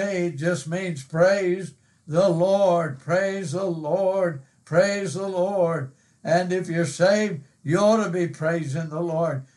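A man pastor delivering a fervent sermon, repeating phrases and rising into cries. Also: high voice.

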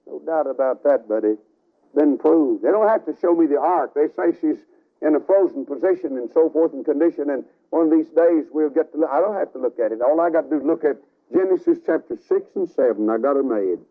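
A man preaching a revival sermon, telling a story dramatically with sudden swings between loud and soft, on a tinny radio broadcast recording. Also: a little high.

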